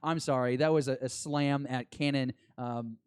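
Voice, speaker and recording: A man co-hosting a podcast, chatting excitedly and rambling as an eager fan. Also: medium pitch, normal speed, clean tone, dry recording, clean studio sound. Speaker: podcast co-host. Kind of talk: casual chat.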